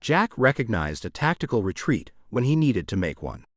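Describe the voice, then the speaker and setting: A man narrating a romantic comedy audiobook with expressive storytelling. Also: mid-range voice, moderate pace, dry recording, studio quality.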